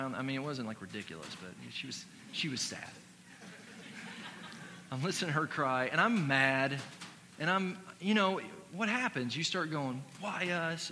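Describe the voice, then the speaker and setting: Bright-voiced man preaching in a reverberant hall. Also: medium pitch. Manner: emphatic preaching that drops to quiet storytelling. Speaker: pastor. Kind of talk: sermon with a personal story. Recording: long hall reverb with faint hum.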